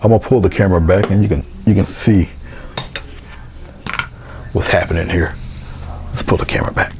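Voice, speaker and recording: A man casually talking through a painting demonstration step by step as an art instructor, trailing into quiet asides as he works. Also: deep voice, normal speed, noisy background. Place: indoor studio.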